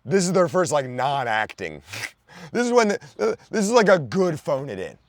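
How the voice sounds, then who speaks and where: A young man with a Philadelphia accent rambles through a comedic rant. His voice jumps around a lot in pitch and restarts often. The recording is dry and close, with no room sound. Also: sing-song, moderate pace, no echo. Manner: loose, rambling, lots of fillers and restarts, sudden loud outbursts. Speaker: podcast host.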